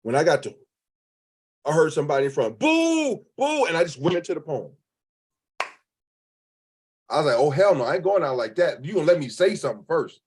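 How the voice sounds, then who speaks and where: A man's voice: fairly high pitch, animated, brisk, pauses often, a little mellow, breathy edge. A man from Cleveland, a spoken word poet, telling stories as an interview guest in a casual, colloquial way, acting out the voices of people he quotes. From Cleveland, Ohio.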